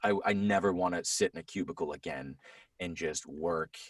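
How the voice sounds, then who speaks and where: A man's voice: low-pitched, moderate pace, dry recording. Rambling man in his thirties, dry distant sound. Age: 30s. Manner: rambling, frequent restarts and self-interruptions. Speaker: podcast guest, voiceover actor. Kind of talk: casual conversation.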